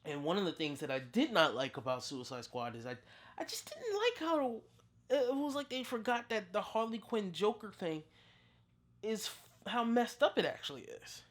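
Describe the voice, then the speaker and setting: Picture a chatty movie reviewer in their thirties talking straight to camera. Their voice sits in an ordinary middle range and leaps suddenly upward when they get worked up. They keep doubling back, stumbling over words and starting over mid-thought. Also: normal speed. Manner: excitable, with big pitch jumps and frequent restarts. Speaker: movie reviewer, channel host. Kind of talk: casual spoken film review.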